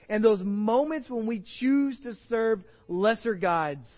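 High-voiced man preaching in a reverberant church. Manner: retells scripture in everyday slang, animated. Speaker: pastor. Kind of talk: sermon. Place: church sanctuary. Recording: reverberant church hall, slightly dull sound.

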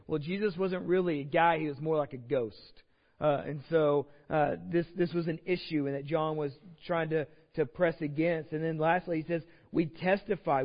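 Texan man, higher voice, earnest sermon delivery, muffled sound with long church-hall reverb. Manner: earnest, repeats words while building points. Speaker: pastor.

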